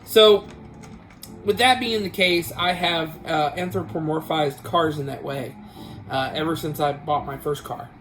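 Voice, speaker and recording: A man's voice: fairly high pitch, fairly even intonation, measured pace, poor audio. Rambling man telling a family story. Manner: rambling, with many restarts. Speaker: vlog host. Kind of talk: casual storytelling vlog. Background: guitar music.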